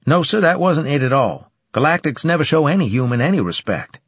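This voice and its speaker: A man voicing a brash young male soldier who talks in a cocky, loud and direct way, in a dry studio recording. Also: a little high, big pitch swings, a little fast, slightly rough, dry recording, voice pushed up, full character voice. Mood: bold.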